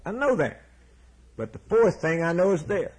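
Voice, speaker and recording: A man's voice: sits high, very animated, moderate pace, a little mellow, husky, low-quality recording. A man preaching a sermon, emphatic and repeating key words, then closing in a prayer.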